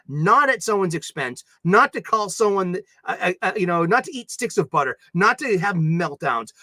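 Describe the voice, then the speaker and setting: A man chatting casually on a livestream, rambling and animated, often breaking into laughs. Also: high-pitched, no echo. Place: home studio.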